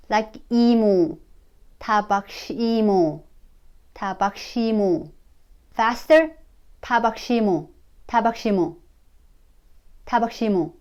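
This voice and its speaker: Woman teaching pronunciation, slightly high voice, slow and careful, says every example over and over. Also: clear, resonant tone. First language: Mongolian. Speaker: language teacher. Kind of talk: pronunciation lesson.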